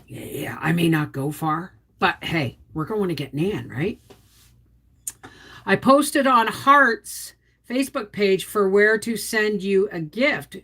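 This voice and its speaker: Speaking slowly in a mid-range, slightly bright and animated voice, this homestead channel host chats casually on her livestream. She's a middle-aged Québécoise who reads comments and greets viewers by name.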